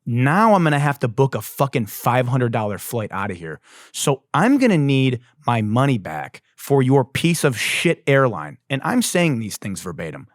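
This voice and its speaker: A man hosting a podcast, telling a comic story as a profane, exasperated rant that bursts into shouting. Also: medium pitch, moderate pace, no echo, studio quality. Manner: profane, exasperated, animated ranting with shouted outbursts. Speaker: podcast host.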